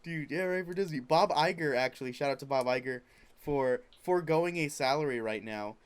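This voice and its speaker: A man with a smooth, clean voice pitched a little above the usual, co-hosting a podcast. He chats in a playful, jokey way and swears freely. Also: brisk. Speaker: podcast co-host. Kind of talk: casual chat.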